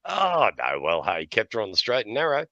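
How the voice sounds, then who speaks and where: Aussie bloke telling rude stories, deep voice, laughs a lot, bright dry sound. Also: male voice, huge pitch swings, fairly quick, no room sound, dull audio. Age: middle-aged. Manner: blunt, profane, laughs often between lines. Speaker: podcast host. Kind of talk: casual chat, storytelling.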